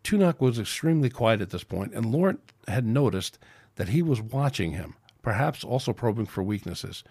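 A man hosting a podcast, reading his own science fiction story aloud in a steady, plain manner with small slips. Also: fairly low pitch, moderate pace, breathy edge, no echo, studio quality.

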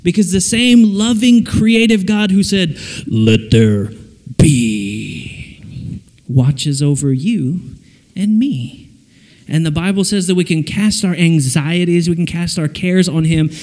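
A man giving a playful, animated children's sermon in a camp dining hall, full of jokes and sound effects. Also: high voice, normal speed. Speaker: children's speaker.

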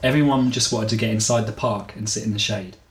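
A man reading his own story aloud to co-hosts, steady and measured, joking between passages. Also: on the low side, echoey room, rough recording.

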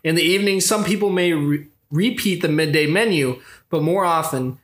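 A young man co-hosting a casual podcast reads an article aloud in a mock-formal tone, laughing often. His voice is fairly high and his pace normal.

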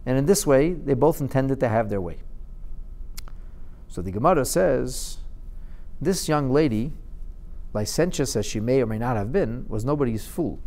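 A man teaching a Talmud lesson, telling the story in a lively, wry way and mixing Aramaic quotes into English. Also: mid-range voice, moderate pace, long pauses.

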